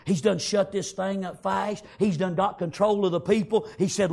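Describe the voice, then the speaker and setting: A man preaching a sermon, acting out the story, shouting some lines and whispering others. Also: sits high, steady tone, normal speed, gravelly, hardly any pauses.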